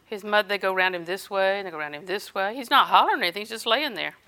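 A woman's voice: mid-range voice, rapid-fire, pushed and bright. An older woman preaching a sermon, telling homespun personal stories and chuckling between them.

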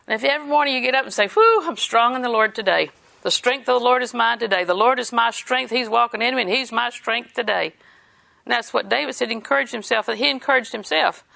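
Woman preacher, fairly high, gravelly voice, conversational sermon delivery. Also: bright, forceful tone. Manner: conversational, with laughs and scripture quotes.

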